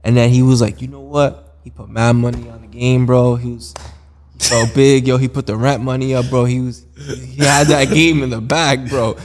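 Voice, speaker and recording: A man's voice: mid-range voice, flat delivery, normal speed. A young man co-hosting a podcast, teasing his friend in slangy banter. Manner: teasing, slangy, ends lines with "bro". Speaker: podcast co-host. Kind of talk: casual chat.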